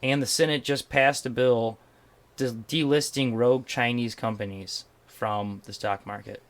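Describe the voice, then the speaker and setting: A man's voice: mid-range voice, fairly even intonation, unhurried. A man hosting a casual podcast, joking and rambling while reading out news headlines. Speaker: podcast host. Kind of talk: casual chat.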